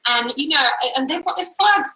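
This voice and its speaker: Bright-voiced woman host in an echoey room. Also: high voice, expressive, brisk. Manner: enthusiastic, asks questions with fillers. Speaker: interview host. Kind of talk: conversational interview.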